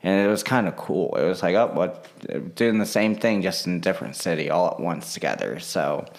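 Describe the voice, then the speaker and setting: A man's voice: sits low, a little fast. A man in a casual vlog monologue, rambling with lots of fillers and restarts.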